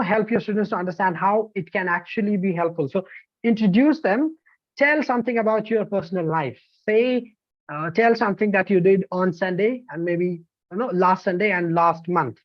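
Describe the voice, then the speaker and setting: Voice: mid-range voice, dry recording. Emphatic Indian English teacher trainer. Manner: energetic, emphatic, checks in with listeners. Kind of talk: online training lecture. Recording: dull lo-fi, dry sound.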